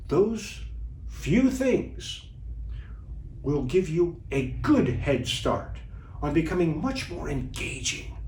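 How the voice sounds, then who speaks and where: A man coaching viewers as a communication trainer in an instructional video talk, deliberate and animated. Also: fairly high pitch, slight background noise. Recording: echoey room, distant mic.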